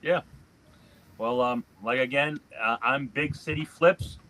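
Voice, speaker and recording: A man's voice: mid-range voice, slow, bright, forceful tone, poor audio. A man co-hosting a live reselling chat, rambling with many fillers. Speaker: co-host. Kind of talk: casual live-stream chat.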